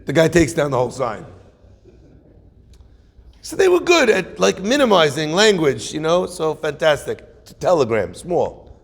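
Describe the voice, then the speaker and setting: A middle-aged man preaching as a rabbi, his fairly high voice gravelly and husky. He tells stories and keeps asking the room questions. A long reverb trails behind him in the hall. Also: very animated, a little slow, long pauses. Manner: storytelling with Yiddish-flavored phrasing and rhetorical questions. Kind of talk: sermon. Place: room with an audience.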